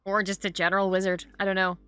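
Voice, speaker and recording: A woman's voice: medium pitch, flat delivery, fast, sharp tone, soft background music. A young woman hosting a reaction video, chatting casually and expressively, swearing often and gushing over what she watches.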